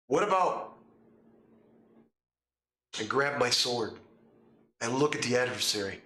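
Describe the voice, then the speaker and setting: A man's voice: medium pitch, lively intonation, measured pace, long pauses, bright, forceful tone, echoey room. Emphatic man with rhetorical questions. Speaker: podcast host and game master. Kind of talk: casual opinion talk.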